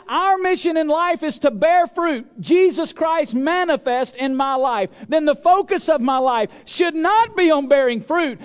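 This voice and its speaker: A man preaching a sermon in a church, asking the congregation to answer aloud and swinging between loud stressed phrases and low quiet asides. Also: in a large hall. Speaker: pastor.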